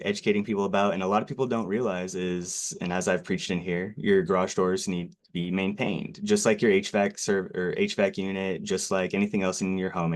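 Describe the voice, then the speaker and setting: A man with a strikingly low voice gives a sales presentation on local TV. He talks nervously and apologetically, and fillers crowd his sentences. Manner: nervous, self-deprecating, many fillers. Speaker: garage door company presenter.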